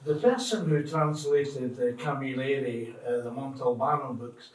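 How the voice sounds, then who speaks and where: A man's voice: medium pitch, normal speed. A man in the audience, himself a translator, makes a firm, opinionated comment at a public talk. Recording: echoey room, distant mic.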